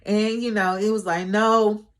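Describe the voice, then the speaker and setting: Slow-talking woman doing a chatty recap. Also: medium pitch. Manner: chatty, drawn-out fillers, playful asides. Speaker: show recap host. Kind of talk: casual recap commentary.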